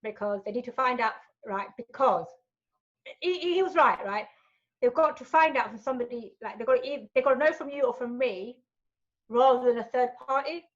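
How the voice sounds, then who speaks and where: A woman's voice: high voice, normal speed, highs cut off. A woman, a guest in a casual interview, telling her stories candidly and swearing freely. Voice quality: frank and animated, swears freely.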